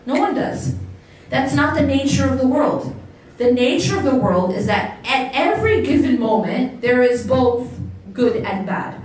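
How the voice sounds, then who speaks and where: A woman's voice: high voice, expressive, a little slow, few pauses, darkish tone. An American woman giving a motivational religious lecture to a live audience, often asking the listeners questions and repeating words for emphasis. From United States. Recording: very echoey hall, distant mic.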